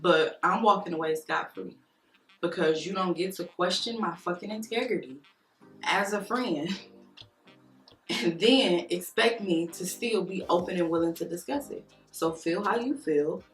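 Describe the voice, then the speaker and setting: In a roomy room with faint background music, a woman beauty vlogger tells a story as she does her makeup. She vents with heat, emphasis and profanity. Her pitch is fairly low and her tone fairly bright, at a measured pace.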